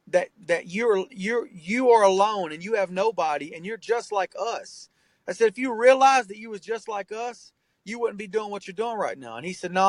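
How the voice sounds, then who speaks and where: A high-voiced man talks with earnest emphasis, peppering his speech with "man" and "bro" and cursing freely as he relates his story with heartfelt intensity. He's a rapper and tattoo artist appearing as a guest in a candid interview. The recording is rough, dry and close-miked, with no echo or room sound.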